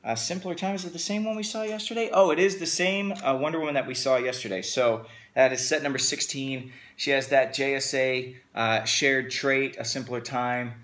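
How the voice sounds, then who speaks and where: A man's voice: medium pitch, steady tone, moderate pace, few pauses, fairly bright tone. A man hosting a casual unboxing video, talking with upbeat enthusiasm. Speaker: host.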